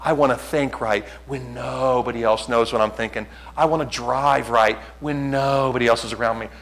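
Earnest preaching man, pleading and animated. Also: mid-range voice, normal speed, gravelly, low-quality recording. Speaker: pastor. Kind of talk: sermon.

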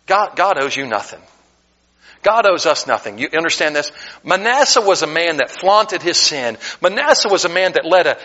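A man's voice: fairly high pitch, animated, moderate pace, bright, forceful tone, rough recording. A man from the United States, a pastor preaching a sermon in a church sanctuary, fervent, with self-deprecating joking asides.

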